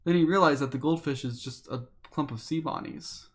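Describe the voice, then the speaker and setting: A man streaming, retelling a story in a casual, animated way with lots of fillers. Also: a little high, brisk. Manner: animated retelling, with many fillers and acted quotes.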